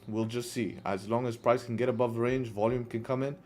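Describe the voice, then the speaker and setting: A man's voice: mid-range voice, steady tone, brisk, darkish tone. A man livestreaming his forex trading, talking casually to viewers, often asking "right?" and bantering with the chat. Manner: chatty, repeats "right?" and "guess what", banters with chat. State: tired, yawning. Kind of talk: casual live trading commentary.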